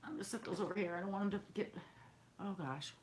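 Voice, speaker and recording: A woman's voice: mid-range voice, quick pace, slight background noise. A woman, chatting casually and effusively to her viewers while unboxing gifts they sent her. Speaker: craft and decor vlogger.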